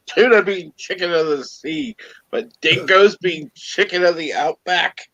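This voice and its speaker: A man's voice: sits high, unhurried, fairly bright tone, dry recording, lo-fi sound. A man on a video call reacting with incredulous, swearing exasperation. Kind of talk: casual chat on a video call.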